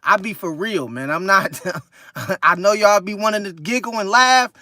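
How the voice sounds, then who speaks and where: A man with a California accent hosting a casual live stream, reading chat aloud and telling loose, profane, animated stories. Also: high-pitched, moderate pace, no room sound, clean studio sound. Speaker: livestream host reading chat.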